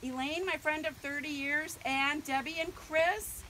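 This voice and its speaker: In a low-quality recording with slight background noise, an older woman's voice sits high, sounding pushed and bright at a measured pace. She's giving a casual, jittery speech at her book launch, thanking family and friends with plenty of ums and laughs.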